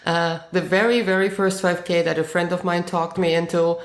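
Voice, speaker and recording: A woman in her forties with a German accent answers questions at an easy pace, pausing on frequent ums and uhs. Her voice sits on the low side, and the room around her rings with noticeable echo. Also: fairly even intonation. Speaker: guest runner. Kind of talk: interview answers.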